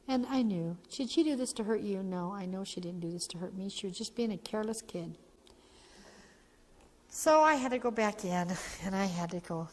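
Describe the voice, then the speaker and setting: A woman's voice: fairly high pitch, a little fast. A woman, founder and parent trainer, giving a heartfelt training talk and acting out the voices in her story. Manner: heartfelt, animated, acts out quotes. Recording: echoey hall.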